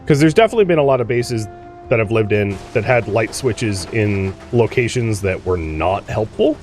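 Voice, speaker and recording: A man's voice: fairly low pitch, animated, moderate pace, a little mellow, faint music behind. A man hosting a let's play, chatting casually through gameplay, exclaiming and grumbling at the game.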